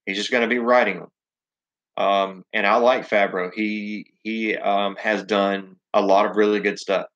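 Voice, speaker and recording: Southern man, casual live chat host, rambling and cussing, low pitch, muffled audio. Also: little pitch movement, unhurried, fairly bright tone. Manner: rambling, profane, many ums and restarts.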